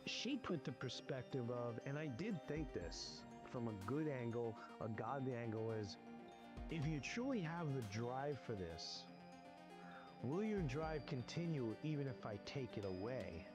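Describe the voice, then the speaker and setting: A man casually telling a personal story in an animated, rushed way, often restarting his sentences. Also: mid-range voice. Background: music.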